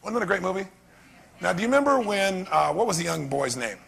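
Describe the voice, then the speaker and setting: Gravelly, fast-talking male seminar speaker. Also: sits high, slight background noise. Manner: animated, quizzes the audience. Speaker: motivational speaker. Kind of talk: live seminar talk. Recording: long reverb of a seminar hall.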